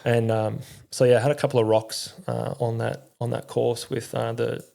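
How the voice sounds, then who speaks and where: A young man speaks in a gravelly, mellow voice with little rise and fall. He tells his story candidly in an interview. His speech is halting and full of fillers, with frequent swearing. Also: mid-range voice, level tone. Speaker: podcast guest, army veteran.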